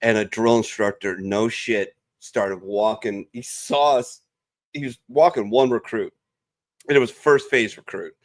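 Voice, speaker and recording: A young adult man, a veteran panelist on a video call, telling stories in a casual, profane and animated way. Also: lowish voice, unhurried. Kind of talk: casual storytelling chat.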